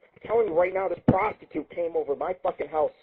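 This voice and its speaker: A man hosting a live internet radio show, talking in a loud, profane, manic ramble that jumps between topics. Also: fairly high pitch, fast talker, breathy edge. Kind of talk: crude rambling monologue. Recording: muffled phone-like line.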